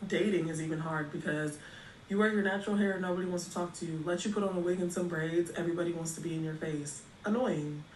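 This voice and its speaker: A woman's voice: on the low side, fast. A young woman speaking bluntly and with exasperation to camera about campus life. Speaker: college student creator. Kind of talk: opinionated talk to camera. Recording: roomy, distant, faint noise.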